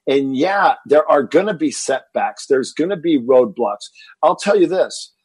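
A slightly high man's voice with a breathy edge moves a little slowly in a dry recording. He's in his fifties, from Texas, and works as a fitness entrepreneur, telling interview stories animatedly and repeating words when he's excited.

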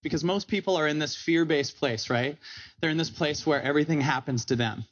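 A man giving a motivational talk with comic asides on stage, animated and acting out quotes in different voices. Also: a little high, brisk, muffled recording. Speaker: speaker. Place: stage before a live audience.

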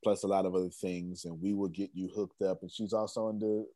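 A man's voice: sits low, little pitch movement, a little fast, mellow, dry recording. Enthusiastic male host, dry sound. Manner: enthusiastic, emphatic, repeats phrases and laughs often. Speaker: host of a coaching group call. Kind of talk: lively group video call.

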